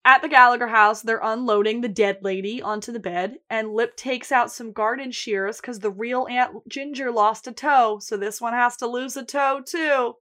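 A woman co-hosting a podcast, recapping a TV episode in casual chat and telling the plot briskly. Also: a little high, fairly even intonation, a bit bright. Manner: brisk storytelling, quotes characters in put-on voices. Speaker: podcast co-host.

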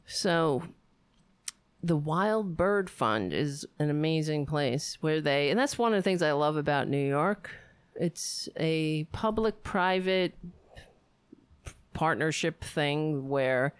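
A woman's voice: sits low, smooth, no room sound. A woman hosting her own show, chatting casually to the camera in a rambling, heartfelt way that often breaks off mid-sentence. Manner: rambling, self-interrupting, heartfelt. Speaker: show host. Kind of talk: casual direct-to-camera chat.

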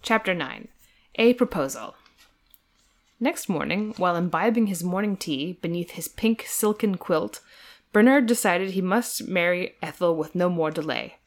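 A woman podcast co-host takes her turn in a dramatic reading, narrating in a measured, clear storybook manner. Her voice sits somewhat lower than most women's.

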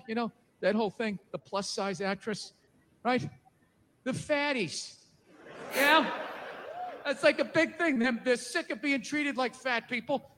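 High, bright-voiced ranting comedian man. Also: moderate pace. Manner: profane ranting, mock voices. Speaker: stand-up comedian. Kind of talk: stand-up comedy routine.

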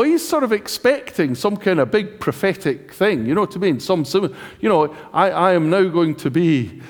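A man with a British accent preaching a sermon in a chatty, joking way, often asking the congregation questions. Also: on the high side. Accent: British English. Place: church hall. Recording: church hall reverb.

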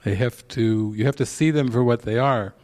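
A man's voice: medium pitch, normal speed, darkish tone. A man speaking as a spiritual teacher at a retreat, telling stories, asking pointed questions and chuckling at his own points. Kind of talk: retreat talk.

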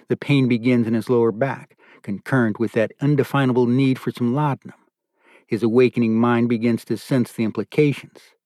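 A man giving a calm, measured scripted narration of a novel. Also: mid-range voice, no room sound, studio quality. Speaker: audiobook narrator.

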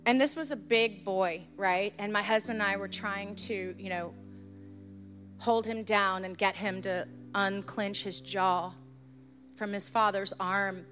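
Woman pastor, middle-aged, mid-pitched voice, urgent testimony into hushed prayer, light music bed. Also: fairly even intonation, unhurried. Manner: storytelling, earnest and urgent, then softly intense in prayer. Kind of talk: sermon.

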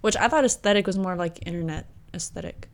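A young woman hosts a podcast and tells a long story in relaxed, casual chat. She talks in an animated way and breaks into laughter now and then. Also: fairly low pitch, fast. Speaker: podcast host.

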